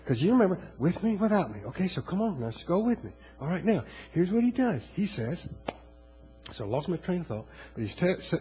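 A male pastor preaches in a loose, conversational sermon style. His voice is husky and somewhat high, and it swings widely in pitch as he stumbles through repeated restarts. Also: low-quality recording. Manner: conversational, repetitive restarts, animated.

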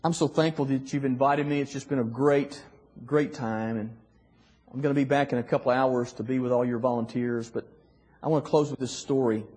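A middle-aged man with a husky voice, telling a heartfelt personal story as a guest speaker, his voice dropping soft at emotional moments. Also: fairly even intonation, fairly quick. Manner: emotional, voice dropping soft and rising high in quoted lines. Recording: long hall reverb.

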